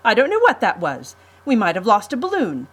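A woman's voice: mid-range voice, huge pitch swings, brisk, husky, pitched above the performer's own voice, rough recording. A woman reading a storybook aloud, voicing an anxious young boy who pilots an airship, protesting and pleading.

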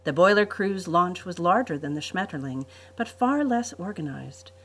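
A woman hosting a podcast, reading a family adventure story in a measured storybook way. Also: lowish voice, animated, a little hiss or hum, rough recording. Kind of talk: scripted story narration.

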